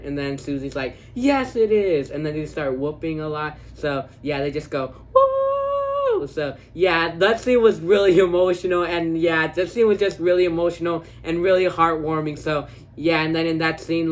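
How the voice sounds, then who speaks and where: A man's voice: medium pitch, a little hiss or hum, rough recording. Rambling man gushing over a film. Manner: rambling, filler-heavy with frequent "like" and "so, yeah"; halting, with many restarts and pauses to think. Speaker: movie reviewer. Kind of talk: casual unscripted movie review.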